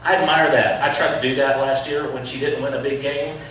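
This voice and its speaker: A middle-aged man preaching in a school chapel, acting out quoted voices and swinging from loud to hushed. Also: mid-range voice, flat delivery, a little fast, a little hiss or hum. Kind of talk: sermon. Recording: echoey hall voice from far off.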